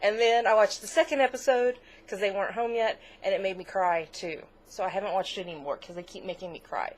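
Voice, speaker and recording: A woman's voice: mid-range voice, fast talker. A middle-aged woman co-hosting a crafts podcast in casual chat, gushing, chatty and easily moved. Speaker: podcast co-host.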